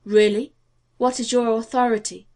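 A cold, menacing man who talks low and clipped, hate behind his calm, in a storybook reading, as a woman narrator puts him on. The words come out short and controlled. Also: normal speed, close to an everyday voice. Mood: cool. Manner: quiet, clipped, threatening.

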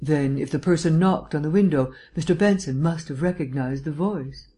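An audiobook reader voicing an urbane, erudite gentleman detective who lectures in a polished, lightly teasing way. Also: medium pitch, moderate pace, close to an everyday voice. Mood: probing. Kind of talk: audiobook reading.

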